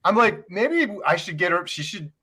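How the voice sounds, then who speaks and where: A man's voice: high-pitched, big pitch swings, normal speed, pushed and bright, husky. A man chatting earnestly on a video call, rambling a little and correcting himself as he talks. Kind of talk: casual live-stream chat.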